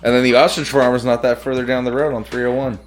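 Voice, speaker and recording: A man's voice: medium pitch, little pitch movement, fast talker. A man co-hosting a podcast in casual chat, with dry, matter-of-fact remarks. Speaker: podcast co-host.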